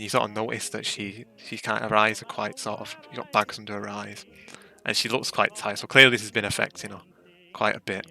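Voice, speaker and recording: A man's voice: lowish voice, level tone, fairly quick, creaky, pushed and bright, faint music behind. A man narrating a tabletop game as game master, chatty and joking. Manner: chatty, jokey, restarts often.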